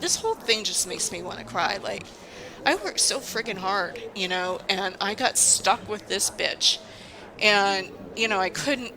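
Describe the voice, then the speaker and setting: Woman, university staffer, casual vlog rant, indignant, emphatic, bright tense voice. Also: medium pitch, vocal fry, low-quality recording.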